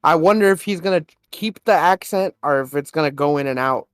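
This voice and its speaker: A young man co-hosting a podcast, excitedly retelling a movie trailer in casual, swear-laden chat. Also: a little high, brisk, smooth, no echo, studio quality. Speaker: podcast co-host.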